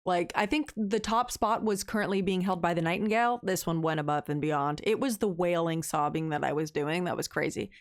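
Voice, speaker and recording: A woman's voice: lowish voice, a little fast, hardly any pauses. A young woman co-hosting a book club podcast, gushing emotionally and telling stories in casual chat. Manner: gushing, emotional, animated storytelling. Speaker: podcast co-host.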